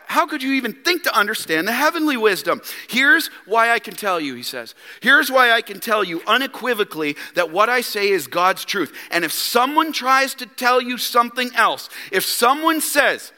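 A man with a high, very bright and forceful voice preaches a sermon in a church, heard through a long hall reverb. He drives his points with rhetorical questions and acts out quoted lines in character. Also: very animated, moderate pace, hardly any pauses. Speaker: pastor. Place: church sanctuary.

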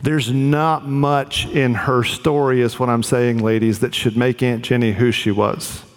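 A man's voice: mid-range voice, fairly even intonation, measured pace, in a large hall. A man preaching a sermon as pastor, earnest and conversational, with fillers.

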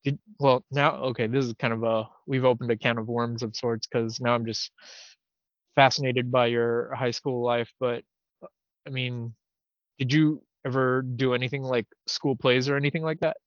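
A male podcast co-host chatting casually in a hushed, low-key voice. He sounds dry and close, with no room around him. The recording is slightly dull and lo-fi. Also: flat delivery, moderate pace, dry recording. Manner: hushed, low-key delivery that breaks into laughter. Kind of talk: casual chat.

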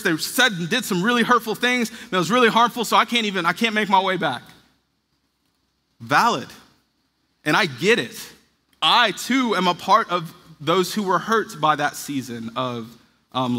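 A man's voice: high-pitched, pushed and bright, husky. A man in his thirties preaching a sermon in an earnest, conversational way, now and then acting out what other people say. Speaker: pastor. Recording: long reverb of a large hall.

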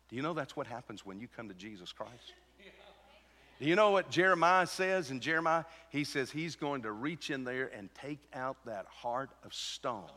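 A man preaching a sermon as pastor, moving from a quiet told story to emphatic, rising preaching. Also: medium pitch, very animated, moderate pace, in a large hall.

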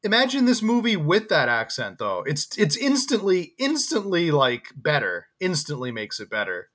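Man, podcast co-host, bright voice, slightly high, animated, jokey, restarts a lot. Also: normal speed. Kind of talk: casual movie review chat.

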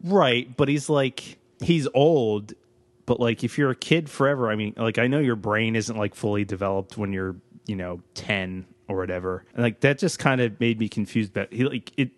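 A man's voice: lowish voice, moderate pace, dry recording. A man co-hosting a podcast in casual chat, tossing in wry, offhand remarks with lots of "like" and "um". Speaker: podcast co-host.

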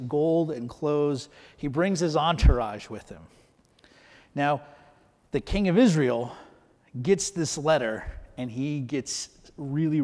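A man's voice: on the high side, a little mellow, big-room sound. A man preaching a sermon as pastor, talking conversationally and asking rhetorical questions.

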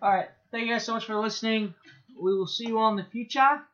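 A man's voice: sits high, fast talker, sharp tone. A man co-hosting a podcast, rambling and laughing as he runs through plugs. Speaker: podcast co-host. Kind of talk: casual podcast banter. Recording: dull lo-fi podcast audio.

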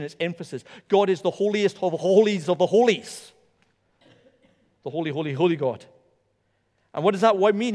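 A man preaching a sermon in a church, animated and emphatic, repeating words for stress. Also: high voice. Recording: long hall reverb.

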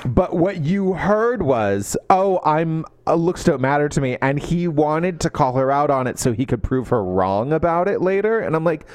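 A man co-hosting a podcast, chatting casually about a book and acting out characters' lines in quick quoted voices. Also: a little high, animated, darkish tone. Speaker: podcast co-host.

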